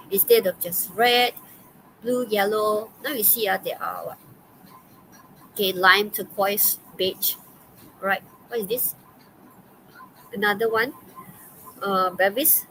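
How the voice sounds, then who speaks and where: A woman's voice: mid-range voice, fairly bright tone, a little hiss or hum, rough recording. Chatty Malaysian woman teaching online. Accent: Malaysian English. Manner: chatty, many okays and fillers, laughs often. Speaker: English teacher.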